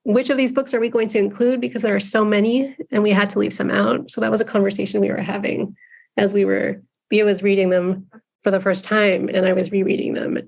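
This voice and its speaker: A woman's voice: mid-range voice, flat delivery, a little fast, gravelly, a little mellow. A woman film director talking earnestly and reflectively as a guest in an interview. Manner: earnest, reflective, with some restarts. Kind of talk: casual interview conversation.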